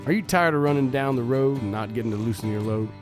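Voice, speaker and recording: A man voicing a hard-selling truck dealership pitchman in a put-on Southern accent, rattling off deals for a parody radio ad. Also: quick pace, over music, natural voice. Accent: fake Southern US. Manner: rattling off deals in a sales patter.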